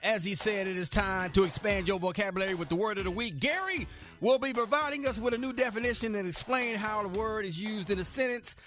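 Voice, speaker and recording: A man's voice: high voice, brisk, fairly bright tone, soft background music. A man co-hosting morning radio, introducing segments and joking with the crew. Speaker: radio co-host.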